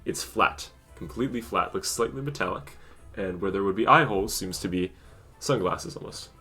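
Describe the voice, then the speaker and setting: A man playing a tabletop game, describing a character's look in halting detail. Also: lowish voice, sharp tone, husky, faint music behind. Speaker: player. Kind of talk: tabletop role-play.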